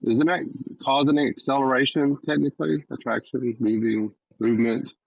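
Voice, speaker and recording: A man's voice: mid-range voice, fairly even intonation, moderate pace, gravelly, no room sound. A man calling in to a live stream, asking challenging questions. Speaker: caller. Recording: dull lo-fi call line.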